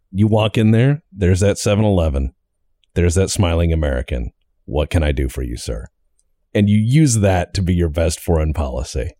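A man hosting a casual podcast chat, animated and acting out little quoted exchanges. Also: fairly low pitch, dry recording. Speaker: podcast host.

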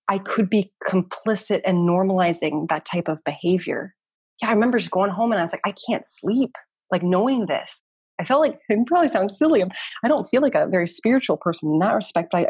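A woman in her thirties, a researcher and community founder, talking quickly and animatedly in a casual interview, often saying "like" and "you know.". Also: mid-range voice, lively intonation, a little mellow, breathy edge, no room sound, clean studio sound.

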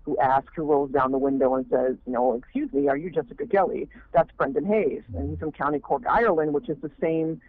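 Male indie filmmaker on a phone line, higher voice, rambling with fillers. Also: brisk, hardly any pauses, slight background noise. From Maine. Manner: rambling, many fillers and restarts. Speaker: fan film director. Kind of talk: casual interview talk.

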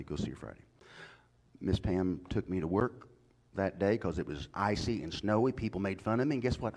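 A man preaching a sermon to his church, swinging from loud calls to soft whispers. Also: lowish voice, husky. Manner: folksy, swings from shouted to whispered. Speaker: pastor.

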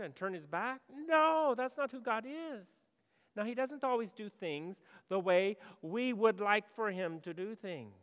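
A male pastor delivers a sermon in a clear, resonant voice that sits a little high for a man. He talks to the congregation conversationally and poses questions, moving from loud to hushed. The long reverb of a church hall follows every word.

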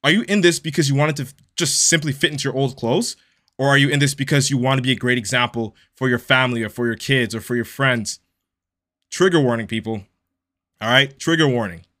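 A man's voice: mid-range voice, pushed and bright. A young man hosting a podcast as an online fitness coach, ranting bluntly with lots of swearing in a casual, fired-up monologue.

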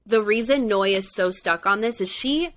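A woman co-hosts a casual podcast chat about a dating show, talking emphatically and firing off rhetorical questions. Her voice is medium-pitched at a moderate pace.

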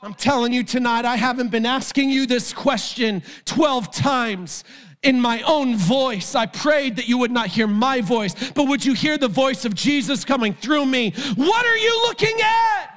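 A male preacher delivering a sermon with passion, often raising his voice to a shout. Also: very high-pitched, a little slow.

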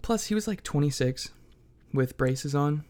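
A man's voice: on the high side, animated, measured pace, a little mellow. A young man hosting a solo podcast, telling a story in a casual, profane, self-mocking comic way. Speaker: podcast host.

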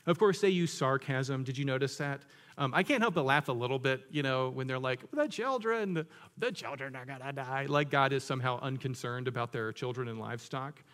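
A man's voice: mid-range voice, fairly even intonation, a little fast, few pauses, a bit bright, in a large hall. A man preaching a sermon in a conversational, joking way, asking his listeners questions. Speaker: pastor.

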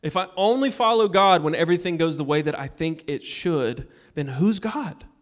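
A male pastor giving a sermon, telling a personal story and urging the congregation, moving between loud appeals and hushed moments. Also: a little high, expressive, normal speed. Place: church sanctuary.

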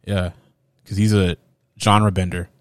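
A man's voice: sits low, flat delivery, a little slow, dry recording, clean studio sound. A man co-hosting a casual film podcast, laid-back and chuckling, often trailing off mid-sentence. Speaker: podcast co-host.

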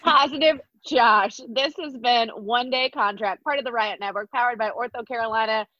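A woman co-hosting a sports podcast, reading thank-yous and the sign-off in an upbeat, brisk way. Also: on the high side, steady tone, bright, forceful tone, dry recording, dull audio. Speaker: podcast co-host.

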